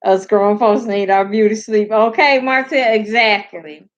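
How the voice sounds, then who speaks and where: A woman's voice: medium pitch, unhurried, lo-fi sound. A sleepy woman hosting a casual live stream, rambling, laughing and answering comments from her chat.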